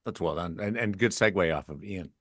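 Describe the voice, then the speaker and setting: A man with a slightly low voice fires off quick, wry comments in a podcast conversation. He talks rapidly, and the sound is dry with no room echo. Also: fairly bright tone. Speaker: podcast co-host. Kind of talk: casual podcast chat.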